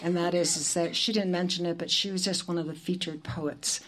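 A woman's voice: fairly low pitch, steady tone, a little fast, a bit bright, a little hiss or hum. A woman hosting a poetry event, speaking in a chatty, informal way with fillers. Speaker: event host.

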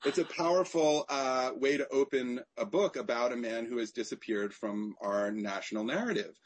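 A man, an author guest in an interview, telling stories in an animated way with frequent restarts. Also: mid-range voice, moderate pace. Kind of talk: conversational interview.

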